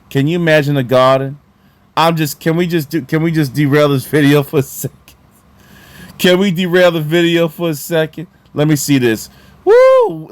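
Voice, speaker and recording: A man chatting casually about basketball as a vlogger, animated and excitable, with lots of fillers and repeated words. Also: medium pitch, dry recording. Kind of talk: casual sports talk.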